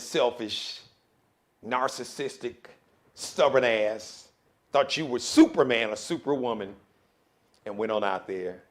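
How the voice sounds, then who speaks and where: On a live daily show, a male host with a medium-pitched voice delivers an animated, preachy monologue. He swings between loud outbursts and hushed warnings.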